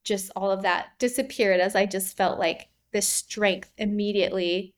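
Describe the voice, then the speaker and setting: On a podcast, a woman in her thirties casually recounts giving birth, filling her talk with fillers and frequent laughter as she rambles. Her voice is mid-range and level, moving at a moderate pace.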